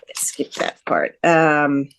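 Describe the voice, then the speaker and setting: A woman's voice: low-pitched, slow pace, creaky, slight background noise. Chatty woman author being interviewed. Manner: lively, chatty, with many restarts. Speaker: guest author. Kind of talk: casual interview chat.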